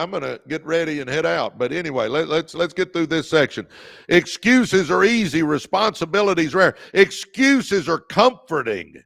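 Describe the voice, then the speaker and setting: A man's voice: fairly high pitch, creaky, a bit bright, dry recording, clean studio sound. A middle-aged man hosting a motivational livestream, fired up, repeating key lines and thanking viewers by name. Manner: calls viewers "baby". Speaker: podcast host.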